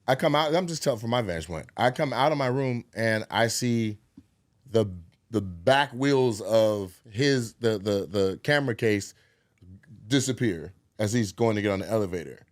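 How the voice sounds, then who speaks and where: A man's voice: lowish voice, normal speed, no echo, clean studio sound. Profane storytelling podcast man. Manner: animated, acts out quotes, profane. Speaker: podcast co-host. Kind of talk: casual storytelling chat.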